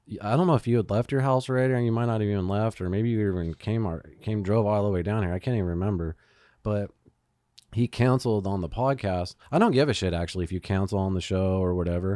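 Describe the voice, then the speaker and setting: A man's voice: fairly low pitch, dark tone, no echo, studio quality. A man hosting a podcast, telling a story in casual chat, swearing often and using lots of fillers. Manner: profane storytelling, swears a lot, many fillers. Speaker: podcast host.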